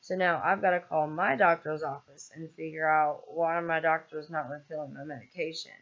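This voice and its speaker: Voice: medium pitch, fairly even intonation, brisk, fairly bright tone, lo-fi sound. A vlogger ranting in a casual, exasperated way, rambling with lots of ums and swearing freely. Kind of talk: casual vlog rant.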